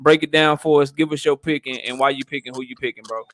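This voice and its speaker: A man hosting a casual online panel chat, a relaxed, slangy moderator handing out turns to the speakers. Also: mid-range voice, fast talker. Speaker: host.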